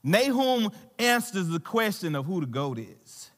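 Very animated yet measured in pace, a high-voiced Southern American man preaches as a guest pastor in a large-hall church sanctuary. His sermon is conversational and playful toward the congregation, full of fillers and restarts.

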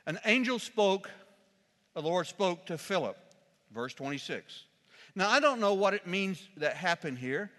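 A man, a pastor, preaching a sermon in a church, telling a humorous story with lively, shouted quotes. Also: high voice, measured pace, in a large hall.

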